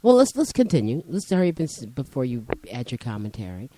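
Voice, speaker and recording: A woman's voice: rumbling low, big pitch swings, quick pace, warm tone, slight background noise, rough recording. A woman co-hosting a casual chat, teasing her partner and lecturing him on words and definitions. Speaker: co-host.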